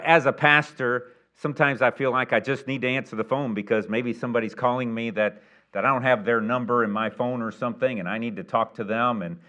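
Folksy preacher with rising emphatic peaks. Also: male voice, on the low side, highs cut off. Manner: folksy storytelling with many restarts and uh fillers; swings between quiet asides and loud emphatic peaks. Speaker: pastor. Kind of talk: sermon.

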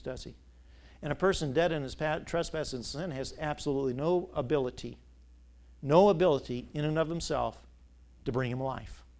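A man preaching a sermon as pastor, asking rhetorical questions and repeating key lines, his voice rising to loud peaks and dropping low. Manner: big swings between loud peaks and quiet drops.

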